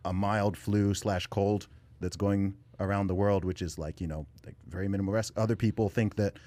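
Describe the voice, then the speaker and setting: A man's voice: low-pitched, fairly even intonation, moderate pace, mellow. A man from England, a podcast guest, talking in a casual panel discussion with frequent fillers and restarts.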